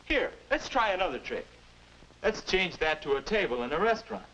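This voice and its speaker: A man's voice: high-pitched, sing-song, fairly quick, a loud crowd, poor audio. An actor playing an earnest grown-up man lecturing a teenager on table manners in a 1950s educational film. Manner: earnest, instructive, moralizing. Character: prim adult man lecturing a teen on manners.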